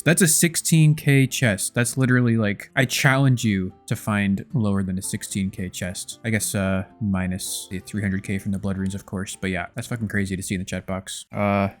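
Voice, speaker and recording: Laid-back man narrating gameplay. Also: lowish voice. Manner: laid-back, chatty, swears casually. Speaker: gaming video creator. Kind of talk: casual gameplay commentary.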